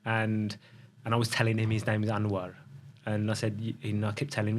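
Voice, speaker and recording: Reflective man, lowish voice. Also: completely flat delivery. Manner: reflective, halting, with restarts and pauses. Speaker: podcast guest. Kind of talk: emotional personal storytelling.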